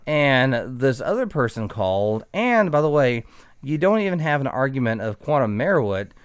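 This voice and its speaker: A man's voice: mid-range voice, big pitch swings, normal speed, smooth, no echo, studio quality. A man telling a rambling, profane, sarcastic story in casual podcast chat. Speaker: podcast guest.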